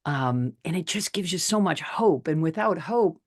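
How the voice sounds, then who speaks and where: A podcast host in a casual interview chat, speaking slowly and earnestly about faith and hope. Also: medium pitch, animated, husky, no echo, clean studio sound. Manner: slow, earnest, spiritual musing.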